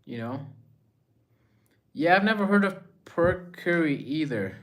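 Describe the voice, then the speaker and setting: A man's voice: on the high side, animated, measured pace, a bit bright. A young man casually chatting on a livestream, reading viewer messages aloud and musing in a laid-back way.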